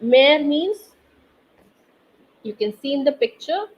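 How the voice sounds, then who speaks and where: A woman teaching a live online French class, explaining accents slowly and quizzing her students through the chat. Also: high voice, animated. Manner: slow, patient, quizzes students via chat. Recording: slightly dull online class audio with faint noise.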